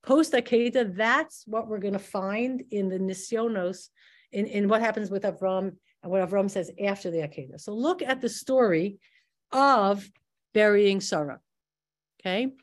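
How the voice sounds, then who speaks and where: Woman giving an animated Torah lesson. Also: mid-range voice, moderate pace. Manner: animated explaining, asks rhetorical questions, frequent restarts. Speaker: Torah teacher. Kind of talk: lecture on the weekly Torah portion.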